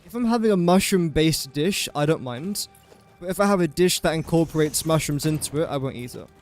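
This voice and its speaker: A young man with a slightly raised, light pitch talks casually through a gaming livestream. He drifts from topic to topic and pokes fun at himself. Soft music plays faintly underneath. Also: animated, a little fast. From England. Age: young adult. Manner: rambling, chatty and self-mocking while building. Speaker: streamer.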